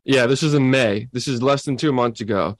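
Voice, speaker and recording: Amused co-host, dry close sound. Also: male voice, mid-range voice, a little fast, no room sound. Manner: amused, reads quotes aloud. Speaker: podcast co-host. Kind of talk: casual sports chat.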